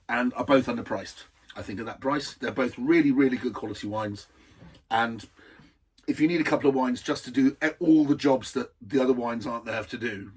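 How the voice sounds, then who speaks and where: A man's voice: medium pitch, breathy edge, far from the mic. A man hosting a casual wine tasting, chatty and enthusiastic, wandering off into asides. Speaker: wine reviewer, host.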